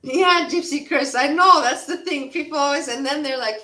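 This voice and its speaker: A woman's voice: fairly high pitch, normal speed, hardly any pauses, bright, forceful tone, reverberant, distant mic, low-quality recording. A woman hosting a casual livestream chat, rambling and blunt, swearing freely. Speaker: livestream host.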